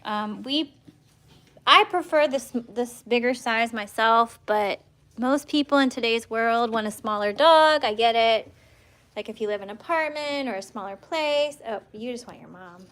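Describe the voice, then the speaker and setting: A woman with a fairly high voice hosts a casual livestream from her home as a dog breeder. She rambles along with fillers and restarts. Now and then she slips into cooing baby talk for her dogs. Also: a little slow, fairly bright tone. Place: at home with a litter of puppies.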